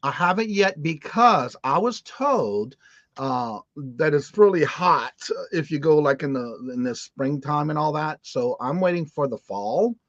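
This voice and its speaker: A man from Louisiana, a guest reseller, chatting casually and telling animated stories. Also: a little high, measured pace, dry recording. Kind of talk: casual livestream chat. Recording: dull dry audio.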